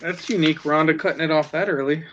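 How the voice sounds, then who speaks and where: A man's voice: a little high, steady tone, fast. A man cracking dry jokes in a casual group chat on a live stream. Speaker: stream participant. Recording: dull noisy stream audio.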